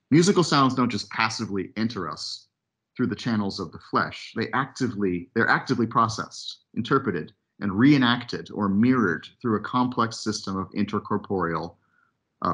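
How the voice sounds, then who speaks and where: A man giving an academic webinar lecture, reading a prepared text in a measured way with occasional asides. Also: lowish voice, a bit bright, slightly rough. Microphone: computer mic on video call.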